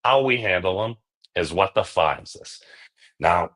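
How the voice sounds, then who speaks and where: A man's voice: low voice, animated, a little slow, fairly bright tone. A man hosting a live stream, telling a rambling story in casual chat with lots of filler phrases. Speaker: livestream host.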